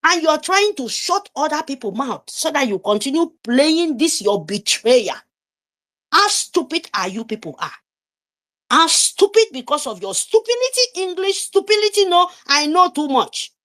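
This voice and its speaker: Woman, high and swooping voice, heated and scolding, political rant. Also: big pitch swings, normal speed, fairly bright tone. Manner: heated, scolding, repetitive questions. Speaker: participant in an online audio room. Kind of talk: impassioned political speech.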